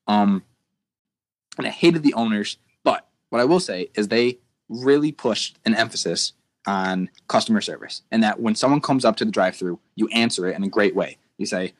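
Young male co-host, low-pitched and rapid; rambles and restarts mid-sentence. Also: lively intonation. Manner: rambling rants with many restarts. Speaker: podcast co-host. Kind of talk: casual chat.

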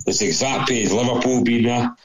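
In poor-quality audio with a loud crowd nearby, a man from Scotland shares football anecdotes over a relaxed podcast conversation. His medium-pitched voice moves slightly quickly, and he curses liberally while acting out the characters he describes.

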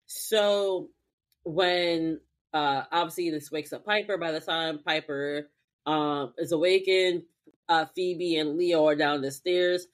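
A woman co-hosting a podcast, recapping a TV episode in an animated, profane way. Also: low voice, takes it slowly. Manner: animated, profane, acts out characters. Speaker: podcast co-host. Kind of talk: casual chat recapping a TV episode.

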